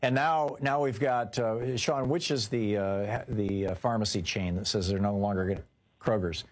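A man's voice: lowish voice, normal speed. A man hosting a call-in radio talk show, chatting with callers and moving the show along. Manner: conversational, fillers, moves calls along.

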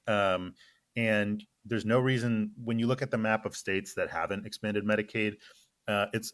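A man's voice: fairly low pitch, dry recording. A man talking politics as a guest correspondent, speaking loosely with lots of fillers and a dry, sarcastic edge. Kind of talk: casual political chat.

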